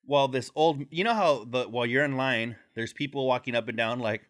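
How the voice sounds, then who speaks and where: A man co-hosting a podcast, telling a story in casual, profane slang and breaking into high put-on voices when he quotes people. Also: brisk, a bit bright. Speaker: podcast co-host.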